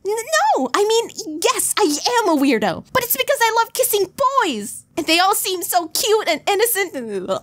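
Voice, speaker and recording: A woman voicing a timid, creepy male cat chatbot character who stammers in a shaky, squeaky voice. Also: very animated, normal speed, few pauses, no echo. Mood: flustered.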